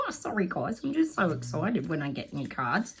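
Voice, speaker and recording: A woman talking casually to viewers as a psychic vlogger. She chats excitably while pulling oracle cards and often calls her audience "guys". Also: lowish voice, a little slow, slight background noise. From Australia. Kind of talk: casual oracle card reading to camera.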